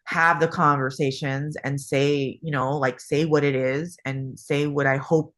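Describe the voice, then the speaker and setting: A woman's voice: low voice, level tone, a little slow. A woman in her thirties from Hawaii, a podcast guest chatting casually and rambling with many fillers.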